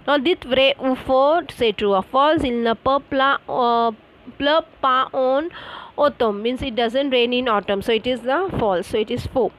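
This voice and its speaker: Teacher, female, high-pitched; patient online French lesson, spells words out, lots of "uh". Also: a little hiss or hum, low-quality recording. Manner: explains slowly with frequent fillers, spells words out letter by letter.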